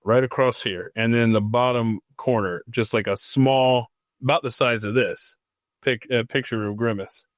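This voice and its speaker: A man talks through a solo podcast episode in a loose, jokey way. He reads a passage and then wanders off into side remarks. His voice sits at a middle pitch and sounds dry and close on the mic. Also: steady tone, normal speed, no echo. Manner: rambling and jokey, reading aloud and stopping to riff. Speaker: podcast host. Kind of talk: casual solo podcast monologue. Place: home studio.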